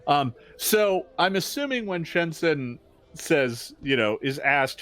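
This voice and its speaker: A man's voice: fairly high pitch, animated, takes it slowly, a bit bright. A man running a tabletop game as game master, narrating in a rambling way with many fillers and restarts.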